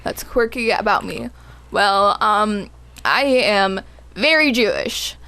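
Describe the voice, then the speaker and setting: A woman's voice: medium pitch, lively intonation, slow pace, pushed and bright, clean tone. A young woman chatting as a podcast guest, bubbly and giggly, often laughing at herself. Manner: giggly, bubbly, self-deprecating. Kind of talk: casual chat.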